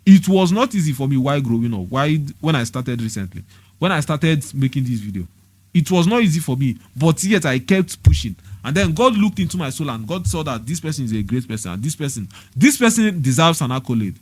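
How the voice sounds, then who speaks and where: A man's voice: on the high side, sing-song, brisk, slightly rough, dry recording. A young Nigerian man giving a preachy, scolding monologue, hammering the same points with rhetorical questions. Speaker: motivational vlogger.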